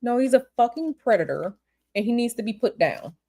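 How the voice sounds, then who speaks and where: A woman reading tarot on a livestream, answering viewer questions in a blunt, animated, repetitive way. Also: on the high side, brisk, gravelly. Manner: blunt, animated, repeats herself. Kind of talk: casual livestream chat.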